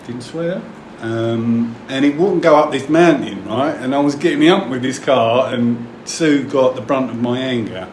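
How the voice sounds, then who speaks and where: A man's voice: mid-range voice, normal speed, few pauses, darkish tone. A middle-aged man sharing candidly and a bit emotionally at a recovery meeting, rambling and swearing freely. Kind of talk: personal share at a recovery meeting. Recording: echoey room with background noise.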